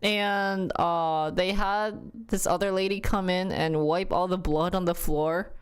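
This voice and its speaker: Slow-talking woman chatting on stream. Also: on the low side, fairly even intonation, smooth. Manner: chatty, laughs often, searches for words. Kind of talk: casual live-stream chat.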